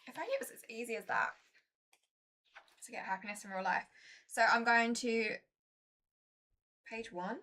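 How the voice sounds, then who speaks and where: A woman's voice: on the high side, lively intonation, normal speed, pauses often, pushed and bright. A woman chatting casually to her viewers while playing a board game, chatty and self-mocking.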